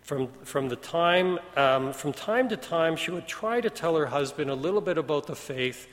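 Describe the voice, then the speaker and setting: A man preaching, retelling a story in an even storytelling manner with quoted dialogue. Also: a little high, normal speed. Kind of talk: sermon storytelling. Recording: long hall reverb.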